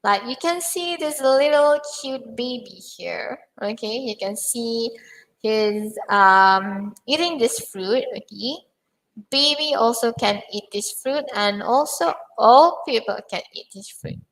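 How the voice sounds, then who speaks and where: A woman's voice: on the high side, takes it slowly, fairly bright tone, poor audio. A young woman teaching English pronunciation in an online lesson, patiently repeating words for learners.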